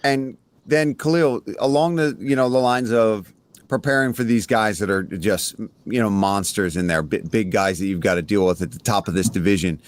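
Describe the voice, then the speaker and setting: A man's voice: lowish voice, moderate pace, no room sound. A man co-hosting a casual podcast interview, eager and chatty, often saying dude. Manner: enthusiastic, says "dude" often. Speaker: podcast co-host.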